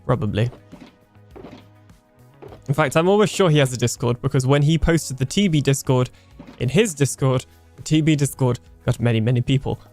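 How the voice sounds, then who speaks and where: A man's voice: medium pitch, moderate pace, long pauses, a little mellow, faint music behind. A young British man casually chatting on a live game stream, reading viewer comments aloud and laughing often as he trails off mid-sentence.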